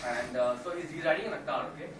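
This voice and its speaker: A male stand-up comedian telling an animated routine to a live audience, with sudden loud impressions. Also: fairly high pitch, very fast. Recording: echoey room from far off with noise.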